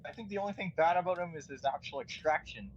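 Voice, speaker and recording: Man, nervous stammer, casual gaming chat, fairly high pitch, dull lo-fi recording, faint hiss. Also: fast. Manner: nervous, stammering, restarts often.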